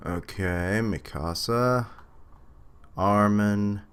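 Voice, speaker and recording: A man with a low, deep voice reacts live while reading a comic. He thinks out loud, muses over what he reads and corrects himself along the way. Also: extremely slow, clean tone. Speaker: reaction streamer. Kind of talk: live reaction commentary, reading manga aloud.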